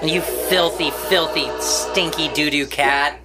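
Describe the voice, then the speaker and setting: A woman's voice: low-pitched, steady tone, slow pace, over loud music. A woman co-hosting a podcast, making crude, sarcastic jokes while watching a movie. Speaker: podcast co-host. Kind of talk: casual movie commentary chat.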